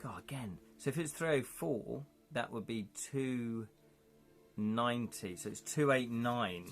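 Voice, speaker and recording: A man narrates a fantasy gamebook at an unhurried pace, pausing to puzzle over choices and chat with his viewers. Faint music plays quietly underneath. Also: medium pitch. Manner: thinks aloud, chatty with viewers. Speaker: streamer reading a gamebook. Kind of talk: live-streamed gamebook play, narration and chat.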